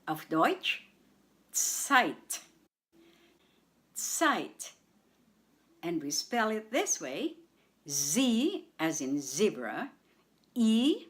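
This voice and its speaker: A woman hosting a radio language segment, spelling out words and saying them syllable by syllable for listeners to repeat. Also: medium pitch. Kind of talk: slow scripted language lesson. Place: radio studio.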